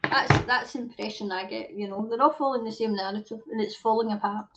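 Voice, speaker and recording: A Scottish woman with a slightly high voice hosts her own live chat show. She rants and swears as she reads out viewer comments. The audio is dull and lo-fi, like a home stream. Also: very noisy. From Scotland. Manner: ranting and sweary, quick to flare up. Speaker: livestream show host. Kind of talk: casual livestream chat reading viewer comments.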